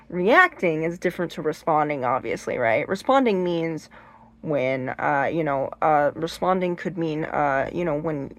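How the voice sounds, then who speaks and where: A woman hosting her own channel, giving casual advice in a chatty, rambling way, full of restarts and acted-out shrieks. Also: lowish voice. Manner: emphatic, acts out shrieks and gestures. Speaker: channel host giving advice on haunted objects.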